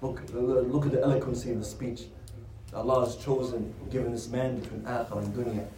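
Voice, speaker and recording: In a religious lecture told as a story, a man asks rhetorical questions and answers them himself, his medium-pitched voice warm, steady and brisk. Recorded off-mic in an echoey room, the sound is roomy, with slight background noise.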